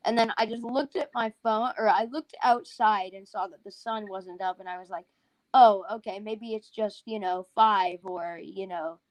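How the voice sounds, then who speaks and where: A woman's voice: medium pitch, a little mellow, no room sound, poor audio. Tired rambling woman on a livestream. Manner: rambling, restarts a lot. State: tired, yawning. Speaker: livestream co-host. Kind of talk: casual stream chat.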